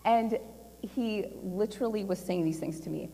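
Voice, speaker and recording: A middle-aged woman giving a casual, animated talk at a conference, telling a personal story with a lot of fillers and laughter. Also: mid-range voice, a little slow, vocal fry, pauses often. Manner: chatty and animated, laughing often, with lots of fillers. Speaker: conference speaker. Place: large conference hall. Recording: long hall reverb.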